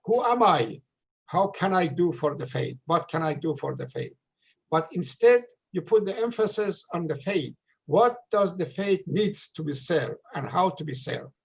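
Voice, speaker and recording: Man w a gravelly husky voice, slightly high, lots of uhs, heartfelt memorial talk on a video call. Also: expressive, low-quality recording. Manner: hesitant, many drawn-out uh fillers. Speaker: memorial gathering speaker. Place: home room, virtual gathering. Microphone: video call microphone.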